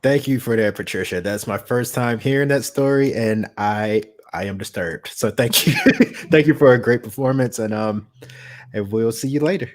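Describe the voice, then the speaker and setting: A man hosting a live reading event, introducing readers in a relaxed, casual way. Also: mid-range voice, moderate pace. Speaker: event host.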